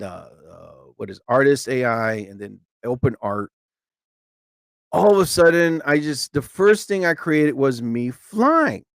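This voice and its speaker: A lively middle-aged man talks on his live stream, his pitch leaping up and down as he plays out little scenes with other people's words. His voice sits a bit high for a man and is recorded dry and close, with no room sound around it. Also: no echo. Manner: animated, acts out quotes in high voices. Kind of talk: casual live-stream chat.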